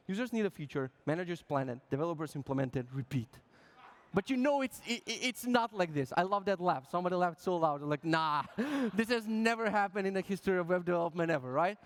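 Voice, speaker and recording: A man with a fairly high voice gives a humorous talk on stage at a conference. He jokes with the crowd, swears casually, and acts out little quoted voices as he goes. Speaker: conference speaker.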